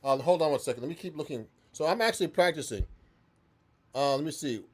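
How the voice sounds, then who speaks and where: Man, musician and teacher, fairly high voice, casual live-stream chat, rambling, many restarts. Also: animated, quick pace, husky. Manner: chatty and loose, with frequent restarts and fillers. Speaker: professional musician and guitar teacher. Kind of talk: live-stream practice session answering chat.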